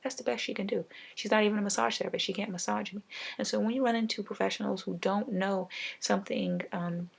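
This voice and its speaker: A woman's voice: mid-range voice, fairly even intonation, fast, creaky, slightly rough. A woman vlogger giving an emphatic, repetitive, advice-giving rant in a casual monologue.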